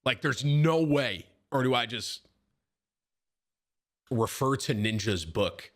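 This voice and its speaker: A man in his thirties talks casually on stream into a desk mic. He rambles with many restarts and laughs often. His voice is bright, with pitch that leaps around animatedly. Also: sing-song, moderate pace. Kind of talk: casual chat.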